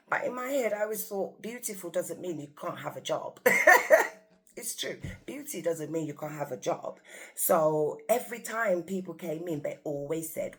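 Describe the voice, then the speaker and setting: A woman telling a story to her viewers in a casual, animated, exclamatory way. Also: fairly low pitch, moderate pace. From England. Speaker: vlogger.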